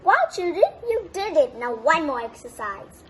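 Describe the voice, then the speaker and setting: A woman's voice: high voice, very animated, moderate pace, slight background noise. A woman teacher with an Indian English accent leading young children through finger exercises in a cheerful, sing-song way. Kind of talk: online class instruction for young children.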